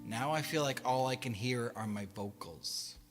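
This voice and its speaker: A man's voice: medium pitch, normal speed, long reverb tail, over music. A man hosting a casual live stream as a musician. He rambles, swears a lot and laughs between his lines.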